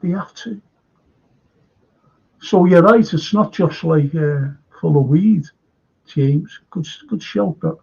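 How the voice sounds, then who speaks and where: A Scouse man hosts a live stream, talking slowly and rambling from point to point as he reads out viewer comments. His voice is gravelly and husky, pitched a little high. The audio comes through dull and lo-fi. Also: a little mellow. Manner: rambling, chatty, stop-start. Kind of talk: casual chat reading viewer comments.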